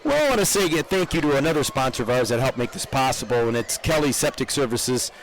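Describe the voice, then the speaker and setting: A man's voice: mid-range voice, lively intonation, quick pace, slight background noise, rough recording. An older man from upstate New York, co-hosting live parade coverage outdoors, chatty and rambling, with frequent laughs. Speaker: parade co-host.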